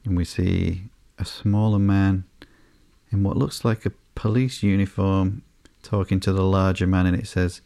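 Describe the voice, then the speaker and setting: A man hosting a podcast, reading through a comic book in a slow, sleepy, monotone way with soft fillers. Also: sits low, vocal fry, no echo. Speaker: podcast host.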